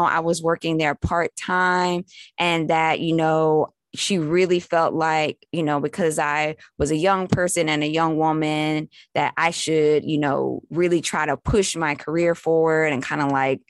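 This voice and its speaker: A woman's voice: low voice, no echo. A young adult woman telling a story in a casual, chatty way, full of fillers and acted-out quotes.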